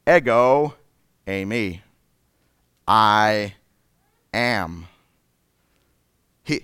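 A man preaching a sermon, dramatic and emphatic, dropping at times to breathy whispers. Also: mid-range voice, pushed and bright, dry recording, studio quality.

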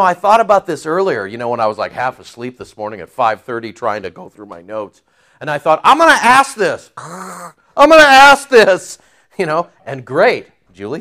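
Casting: male preacher, lively swinging delivery, fairly high voice, playful teaching tone. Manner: animated, jokey, acts out quotes. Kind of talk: Bible teaching.

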